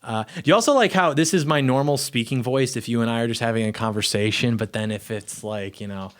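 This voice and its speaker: A man's voice: medium pitch, brisk. A young adult man, a YouTube commentator, chatting casually and rambling to camera from his home studio, often cutting himself off mid-sentence. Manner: rambling, self-interrupting, offhand. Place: small home video studio.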